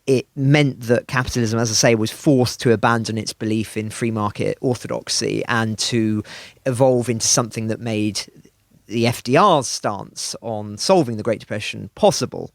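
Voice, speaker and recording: A man giving analytical commentary on a podcast, speaking in a measured way and stressing key words as he builds an argument. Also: mid-range voice, dry recording, clean studio sound.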